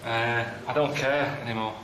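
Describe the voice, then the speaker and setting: A man grumbling to camera on a trip, moaning in a deadpan way about everything that goes wrong. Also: medium pitch, normal speed, noisy background. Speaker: reluctant traveller. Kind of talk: grumbling travel diary to camera. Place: outdoors on a busy travel trip. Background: background music.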